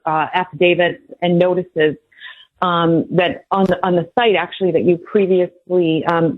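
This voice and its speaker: Halting woman on a tinny phone line. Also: lowish voice, no room sound. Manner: halting, many filler pauses. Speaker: caller, columnist. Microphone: telephone.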